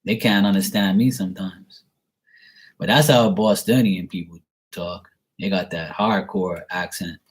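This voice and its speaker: Man from Bermuda, low voice, casual live chat, rambling, self-amused. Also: fairly even intonation, a little slow. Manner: chatty and rambling, laughs at himself. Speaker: online reader answering viewer messages.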